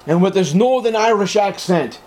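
A pastor preaches a sermon to his congregation, fervent and emphatic, his voice jumping suddenly loud and high on key words. His intonation is lively and his pace moderate.

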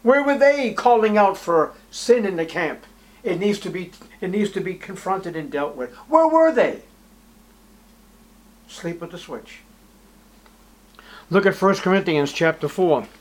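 A man preaching an expository sermon, reading scripture aloud in old wording and firing rhetorical questions, his voice swinging from loud to hushed. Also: high-pitched, lively intonation, unhurried. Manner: reads scripture aloud in King James wording.

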